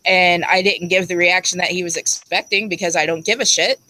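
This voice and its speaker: A woman's voice: on the low side, fairly even intonation, a little fast, pushed and bright, low-quality recording. A woman telling a crude personal story in casual chat, blunt and laughing as she acts out what others said. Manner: blunt, crude and laughing, acting out quoted speech. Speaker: storyteller guest.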